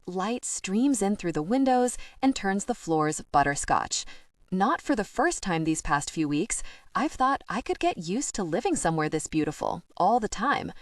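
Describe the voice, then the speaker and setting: A woman reading a first-person audiobook with expressive, lively narration. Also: medium pitch, moderate pace, no echo, studio quality.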